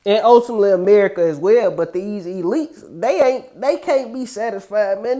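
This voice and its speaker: A man reading scripture verses slowly, then breaking into loose, profane street-slang commentary and calling listeners "man" again and again. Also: sits high, warm tone. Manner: addresses listeners with a repeated "man". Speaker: scripture teacher.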